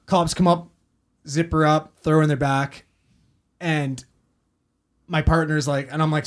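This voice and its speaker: A man's voice: on the high side, fairly even intonation, measured pace, long pauses. Profane rambling man. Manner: profane and rambling, acting out quotes. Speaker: paramedic telling a story. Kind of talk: casual podcast storytelling.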